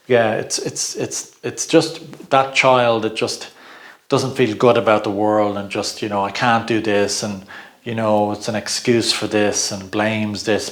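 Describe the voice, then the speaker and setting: A middle-aged man giving an informal personal growth talk, chatty, laughing often and repeating words as he searches for them. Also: lowish voice.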